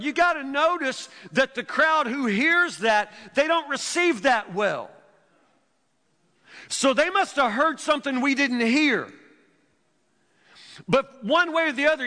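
High bright-voiced preacher. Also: male voice. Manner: folksy, repeats words, drops to a low hush reading scripture. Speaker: pastor. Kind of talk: sermon. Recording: long reverb of a church hall.

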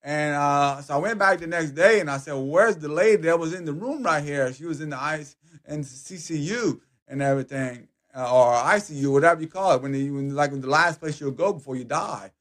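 A man's voice: a little high, a little fast, hardly any pauses, fairly bright tone. A man telling a personal church testimony in casual conversation, with many restarts, acting out sounds and voices. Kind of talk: casual storytelling.

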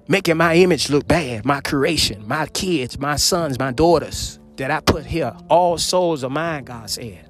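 A man with a fairly high voice preaches with fervor, repeating phrases and calling out hallelujah again and again. He swings between ringing calls and low, hushed murmurs. Soft music plays faintly behind him. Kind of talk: sermon on scripture.

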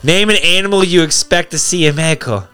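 A man's voice: a little high, fast talker, over music. A man hosting a casual guessing game with friends, teasing and laughing as he reads questions and scores. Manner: teasing, loud, laughs a lot. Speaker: host running a game. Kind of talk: casual banter, quizzing friends.

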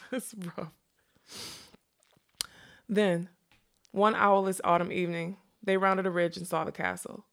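A woman reading a fantasy novel aloud in an unhurried way, dropping in quick casual asides. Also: on the low side, little pitch movement, a bit bright. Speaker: reader.

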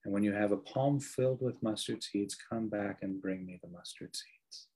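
A serene spiritual teacher, voiced by a male storyteller speaks in slow, measured, soft phrases. The voice is low and a little husky. The delivery is gentle, near the teller's own. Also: natural voice.

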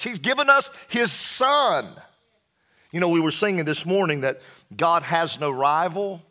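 A man delivers a sermon in a high, ringing voice. He moves at an unhurried, deliberate pace and leans on scripture, reading each phrase slowly. He often sinks to a hushed, low tone to drive a point home. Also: expressive. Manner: slow, emphatic preaching with dramatic drops in pitch and volume. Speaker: pastor.

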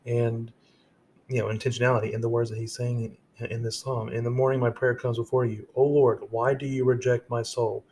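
A man's voice: medium pitch, a little hiss or hum. A man hosting a devotional podcast, reading scripture aloud and then explaining it in a casual way with frequent restarts. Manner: reads verses aloud, then paraphrases them in casual speech with many restarts. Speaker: podcast host.

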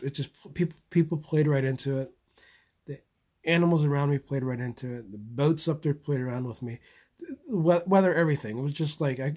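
Speaking live to his channel, the host rambles in a middling-pitched voice with a darkish, slightly rough tone. He stops and restarts sentences, repeats words while collecting his thoughts, and chuckles occasionally, keeping this casual monologue loose and unscripted.

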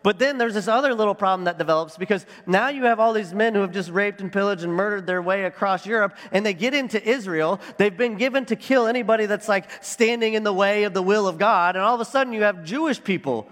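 A man preaching a sermon as pastor, talking conversationally and thinking out loud with many fillers. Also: sits high, normal speed. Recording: long hall reverb.

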